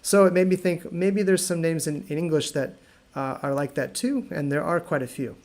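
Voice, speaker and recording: An American man teaching an online English lesson, repeating words slowly and joking with viewers. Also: a little high, a little mellow. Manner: slow careful repetition of words, friendly and joking.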